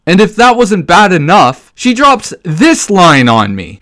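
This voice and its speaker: A man's voice: high voice, huge pitch swings, a little slow, few pauses, no room sound, studio quality. Profane man ranting about a game. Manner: profane, escalating to yelling. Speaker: game commentary youtuber. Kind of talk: comedic game rant.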